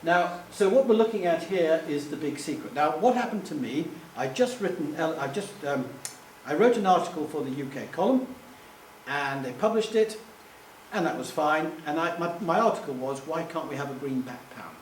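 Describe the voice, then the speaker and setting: A middle-aged public speaker tells anecdotes to a live audience, chatty and self-deprecating, stumbling over names, laughing at himself and acting out quoted voices. His voice is on the high side, animated and a little mellow, at normal speed. The distant mic picks up an echoey room and slight background noise.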